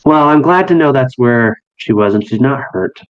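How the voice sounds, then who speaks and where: A man's voice: medium pitch, expressive, normal speed, clean tone, lo-fi sound. Chatty man running a tabletop game. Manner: loose and chatty, full of fillers and laughs. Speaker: game master.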